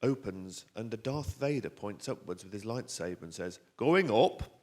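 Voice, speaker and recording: A southern English man reads his own novel aloud on stage, with a somewhat low voice. His storytelling is animated and wry, building tension while slipping in dry asides to the audience. The delivery is a lively live reading. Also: moderate pace. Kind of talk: expressive reading of a novel excerpt. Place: theater stage at a bookstore event.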